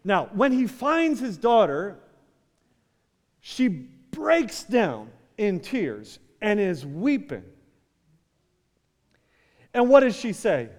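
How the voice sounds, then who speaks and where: A man with a high voice preaches to his church, taking his time between phrases. His sermon builds to fervent peaks as he calls out to the congregation. A long reverb hangs in the sanctuary around him. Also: very animated, extremely slow, pauses often. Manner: rising to fervent climaxes, addresses the church directly. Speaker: pastor.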